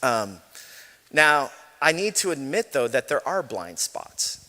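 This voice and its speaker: Pastor guy in his 40s preaching, chatty and joking at himself, sounds bright, big echoey hall. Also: mid-range voice, big pitch swings, slow. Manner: conversational, self-deprecating storytelling with laughs. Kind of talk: sermon. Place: church sanctuary. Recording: long hall reverb.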